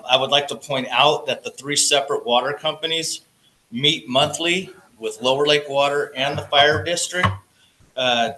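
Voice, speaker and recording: A man's voice: mid-range voice, pushed and bright, slight background noise, poor audio. Nervous man reading a prepared statement. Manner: nervous, stutters, reads carefully. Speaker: public commenter, water company representative. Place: council chamber.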